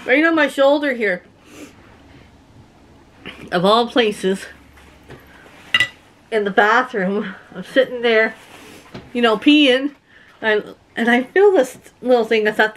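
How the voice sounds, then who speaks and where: A woman's voice: a little high, lively intonation, slow, pauses often, fairly bright tone, slight background noise. A middle-aged woman from Canada chatting casually to her viewers from her rural home, telling stories and laughing often. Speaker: vlogger. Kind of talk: casual chat to camera.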